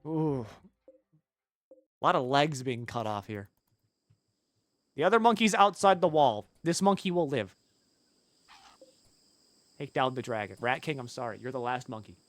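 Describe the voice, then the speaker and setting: Lively man streaming a game. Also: mid-range voice, measured pace, pauses often, no echo. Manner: chatty, answers chat, swears casually. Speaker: gaming streamer. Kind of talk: casual live-stream commentary.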